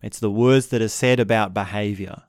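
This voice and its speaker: A man calmly teaching about relationships in an unhurried, reflective way, sometimes acting out what couples say. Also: fairly low pitch, no echo, clean studio sound. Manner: calm, unhurried, acts out quoted couples.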